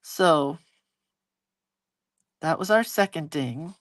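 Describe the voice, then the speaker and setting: A woman's voice: deep voice, extremely slow, dry recording. A middle-aged woman chatting casually and telling a story while she draws, acting out quotes as she goes. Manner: chatty, animated retelling with acted quotes. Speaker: hand-lettering creator hosting a live video.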